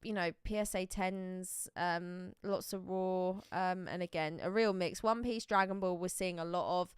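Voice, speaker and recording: A woman's voice: on the low side, steady tone, measured pace, clean tone, dry recording, clean studio sound. A woman hosting a live auction stream, chatty and upbeat as she reads out the chat and the prices.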